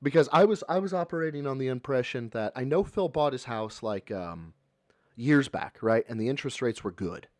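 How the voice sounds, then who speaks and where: A man's voice: medium pitch, expressive, brisk, a little mellow, no room sound, studio quality. A Midwestern man reacting on a live stream, exasperated, sarcastic and swearing freely. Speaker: streamer reacting to a podcast clip.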